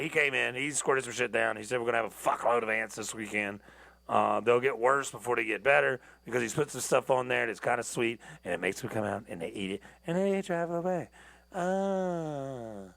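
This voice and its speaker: Gravelly, tired man ranting casually. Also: medium pitch, sharp tone. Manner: loose, profane and rambling, with restarts and asides. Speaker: podcast host. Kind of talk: casual rambling monologue.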